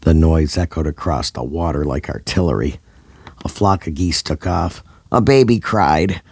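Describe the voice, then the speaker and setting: A man's voice: rumbling low, moderate pace, vocal fry, a little mellow, husky. A man narrating a scripted comedy story in a dramatic, over-the-top way.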